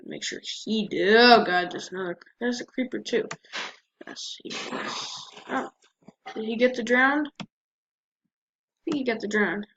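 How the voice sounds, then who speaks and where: Woman rambling thru her game, kinda high voice, muffled cheap mic, faint hiss. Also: a little slow, long pauses, a bit bright. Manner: chatty, talks to herself while playing. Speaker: gameplay commentator. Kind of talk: casual let's-play commentary. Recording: dull lo-fi mic with faint noise.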